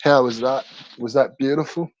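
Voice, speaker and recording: A man's voice: mid-range voice, moderate pace, muffled recording. A man with an Australian accent, a streamer in brash, profane casual chat with viewers.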